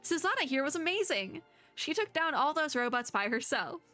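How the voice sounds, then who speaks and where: A woman reading as Kitty, an excited cheerful sidekick. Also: sits high, moderate pace, faint music behind, pitched above the performer's own voice, full character voice. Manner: enthusiastic.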